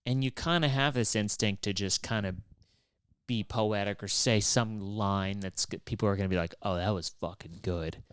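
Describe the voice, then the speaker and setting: In clean studio sound with no room noise, a lowish-voiced podcast host speaks at normal speed with fairly even intonation and a clear, resonant tone. His casual monologue rambles loosely, wry, exasperated and profane, packed with fillers and restarts.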